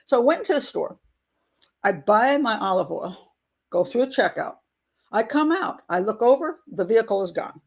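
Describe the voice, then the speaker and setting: A woman's voice: a little high, lively intonation, normal speed, husky. An older woman, a grandmother, hosting a live chat and telling an indignant story with wry laughs. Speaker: host. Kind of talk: casual livestream chat.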